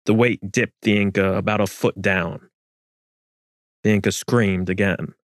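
A man reading historical fiction as narrator in a measured, solemn manner. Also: lowish voice, fairly even intonation, no echo, clean studio sound.

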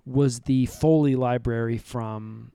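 A man co-hosting a comedy podcast, rambling through an absurd improvised recap with a deadpan delivery. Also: medium pitch, takes it slowly, clean tone, no room sound, clean studio sound. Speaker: podcast co-host.

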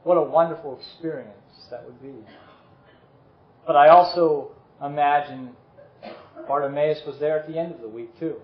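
A man preaching a sermon and leading a closing prayer, earnest and dropping softly on key words. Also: a little high, normal speed, long pauses. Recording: echoey room, slightly dull sound.

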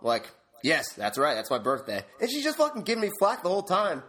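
Young man, podcast co-host, high-pitched, profane rant, laughing. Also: wildly swooping pitch, brisk, sharp tone. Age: 20s. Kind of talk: casual ranting storytelling.

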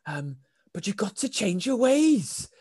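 A young man putting on the voice of a preachy older male stranger who lectures him about energy drinks, higher than his own voice and slower. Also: very animated, a little mellow, breathy edge, no echo, studio quality, exaggerated voice. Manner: lecturing, earnest.

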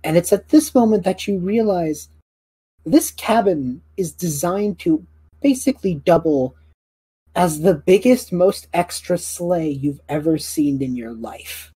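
Low husky woman narrating a game. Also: lively intonation, unhurried, warm tone, no room sound. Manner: casual, filler-heavy narration with clearing throat. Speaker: game master.

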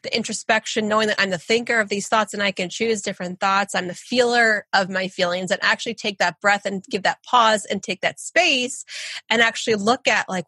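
An earnest woman talks through ideas on a podcast in a bright, forceful voice. She sounds encouraging and reflective. The recording is dry and close. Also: medium pitch, a little fast, slightly rough, no echo. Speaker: podcast guest, intuitive. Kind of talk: casual spiritual conversation.

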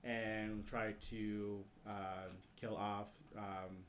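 A man on a podcast, recapping a movie plot with many hesitant pauses. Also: on the low side, flat delivery, a little hiss or hum.

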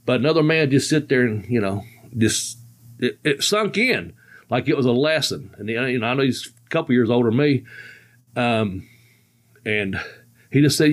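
A man in his fifties, a podcast host, rambles through road stories in a casual storytelling chat, laughing often and using loose, colloquial grammar. His voice sits at a medium pitch, animated, at a normal speed.

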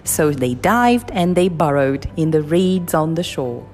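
Slow, expressive woman storyteller. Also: deep voice. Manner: slow, expressive, sing-song. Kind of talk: reading children's stories aloud. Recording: reverberant with soft music.

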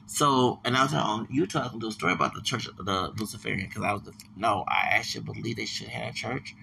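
A man's voice: lowish voice, fast, vocal fry, sharp tone, a little hiss or hum. A man, talking in a digressive, repetitive podcast monologue full of stumbling restarts.

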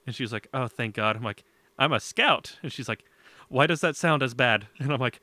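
A man's voice: mid-range voice, moderate pace, sharp tone, dry recording. A young man hosting a podcast, telling a story in casual chat, laughing often and swearing as he acts out his parents. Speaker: podcast host.

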